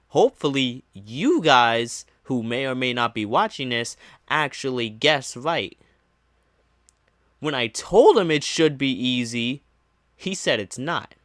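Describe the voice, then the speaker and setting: Young guy streamer ranting about a rude chatter, sarcastic, talks slow, dead dry room. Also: mid-range voice, fairly bright tone, no echo. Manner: sarcastic, ranting, mocking retorts. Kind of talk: casual storytime monologue. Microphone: low-gain desk mic.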